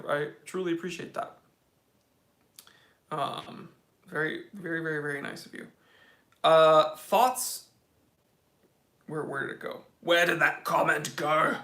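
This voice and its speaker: Bright-voiced enthusiastic American man streaming. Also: high voice. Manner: casual, enthusiastic, says dude a lot. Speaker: watch channel host. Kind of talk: livestream chat reading comments.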